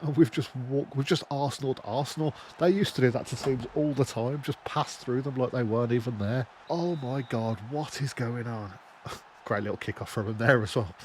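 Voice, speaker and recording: Brief: young man, mid-pitched, excitable gaming commentator with an expressive, sweary delivery. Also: normal speed, a little hiss or hum. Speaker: gaming YouTuber. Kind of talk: casual let's-play commentary.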